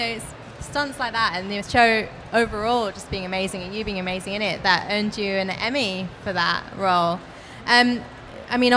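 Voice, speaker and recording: A woman's voice: mid-range voice, bright, forceful tone, a little hiss or hum, rough recording. A woman interviewing a guest, asking questions with a few hesitant fillers.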